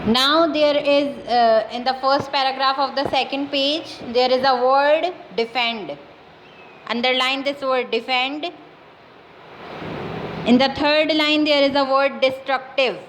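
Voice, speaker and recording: A woman teacher with a Pakistani English accent giving a class lesson, dictating words slowly and repeating them with many fillers. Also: sits high, steady tone, fairly bright tone, slight background noise, poor audio. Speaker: school teacher.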